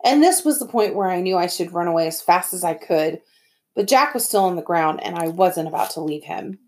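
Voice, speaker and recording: A woman reading a first-person story aloud as an audiobook narrator, with lively storytelling. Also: lowish voice, a little fast.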